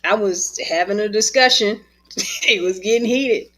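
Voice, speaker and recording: A woman, an author and spiritual teacher, talking in a casual conversation as an animated, expressive storyteller who laughs often, heard over a video call. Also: medium pitch, a little slow.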